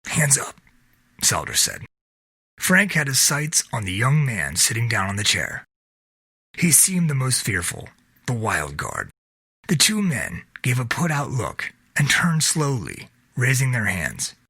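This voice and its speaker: Man reading a novel aloud, husky, bright, lively pitch, dry close recording. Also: unhurried, dry recording. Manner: steady storytelling read. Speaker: narrator.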